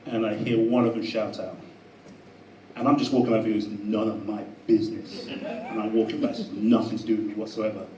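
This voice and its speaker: A man telling a personal story to a live audience in a chatty, animated way, often laughing. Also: on the low side, fairly quick, reverberant, far from the mic, a little hiss or hum, rough recording. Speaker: speaker at a live talk. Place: event room with an audience.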